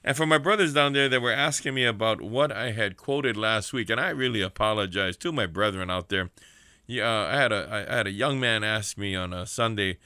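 A man hosting a prison ministry radio show, preaching fervently and calling for amens between shout-outs. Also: lowish voice, brisk, clean tone, no echo, clean studio sound.

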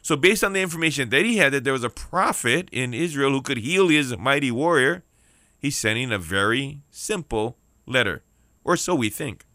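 A man's voice: mid-range voice, animated, moderate pace, sharp tone, no room sound, studio quality. A man preaching a sermon on the radio, emphatic, repeating key lines and calling out for amens. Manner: emphatic preaching with repeated phrases and call-outs for amen.

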